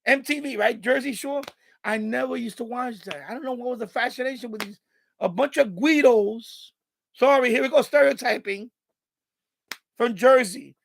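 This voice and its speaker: High gravelly New York man. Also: moderate pace, a little hiss or hum. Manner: rambling, laughing often, many restarts. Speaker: live stream host. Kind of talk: casual live-stream rant.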